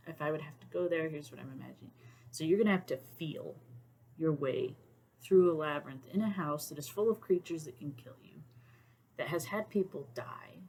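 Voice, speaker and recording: Low-voiced woman hosting casual talk. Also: slight background noise. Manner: thoughtful, many "um"s, drops to near-whispers on creepy parts. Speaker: YouTube host.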